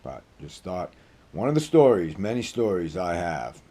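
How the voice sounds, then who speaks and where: Deep-voiced Maine man in his sixties. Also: big pitch swings, normal speed, dark tone. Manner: rambling, folksy, swears freely. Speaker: vlogger. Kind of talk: casual storytelling.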